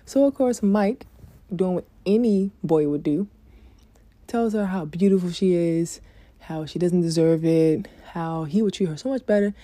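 A woman talks straight to her viewers in a loose, candid storytelling way and curses freely. Her voice sits a little low and sounds very dark and mellow. The recording is close and dry, with no room sound. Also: measured pace, no echo. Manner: candid and chatty, swears freely. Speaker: vlogger giving dating advice. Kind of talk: casual storytelling to camera.

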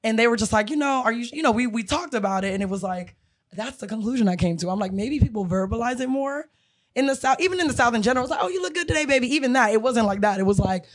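A man's voice: extremely high pitch, fast. A man from Florida hosting a podcast, telling stories in a casual, profane way and acting out the voices of people he quotes. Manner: animated storyteller, profane, acts out quoted voices. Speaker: podcast host. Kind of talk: casual chat.

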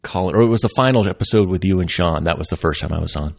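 A man's voice: low voice, fast, gravelly, no echo, clean studio sound. A man guesting on a casual podcast chat, hesitant and thinking aloud.

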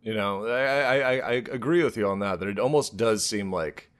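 A man hosting a casual comedy podcast, playful and quick to laugh while reading out stories. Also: lowish voice, a bit bright. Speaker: podcast host.

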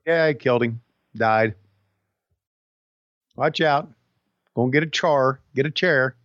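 A man's voice: mid-range voice, slow, no echo. An older man co-hosting a podcast, with laid-back, chuckling reactions. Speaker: podcast co-host. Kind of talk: casual podcast chat. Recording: dull lo-fi sound.

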